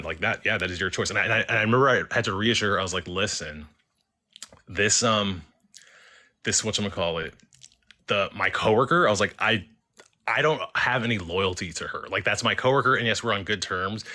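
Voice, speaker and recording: Male caller, lower register with a sharp, bright edge, casual ghost-story teller who rambles and quotes. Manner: rambling, heavy with fillers and restarts, quotes himself and others. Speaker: caller sharing a paranormal experience. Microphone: phone or stream mic.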